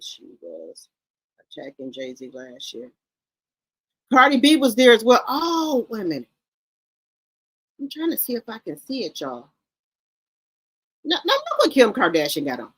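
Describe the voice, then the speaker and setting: A woman hosting casual celebrity gossip commentary, talking straight to her viewers with loud, incredulous exclamations and blunt swearing. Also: mid-range voice, slightly rough, dry recording. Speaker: gossip channel host.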